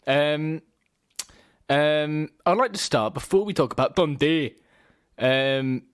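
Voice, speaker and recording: A young man from England co-hosting a casual podcast, relaxed and deadpan, often trailing off quietly. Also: fairly high pitch, takes it slowly, smooth, dry recording, studio quality. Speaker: podcast co-host.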